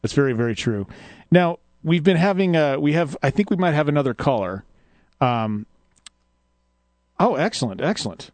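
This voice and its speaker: Male radio host, a touch higher than most men; playful, teasing, laughs easily; dry close studio mic. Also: big pitch swings, normal speed, long pauses, dry recording. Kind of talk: casual call-in radio banter.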